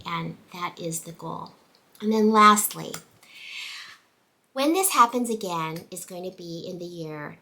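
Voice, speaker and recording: A middle-aged woman teacher chatting on her show with a bright, forceful tone. She sounds enthusiastic and talkative, sharing classroom stories. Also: medium pitch, poor audio. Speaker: teacher and podcast host. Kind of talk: casual chat.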